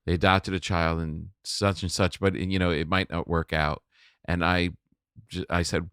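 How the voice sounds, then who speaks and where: A man's voice: sits low, flat delivery, moderate pace, a bit bright, clear, resonant tone, no echo, studio quality. A middle-aged man, a comedian on a podcast, chatting casually and laughing often.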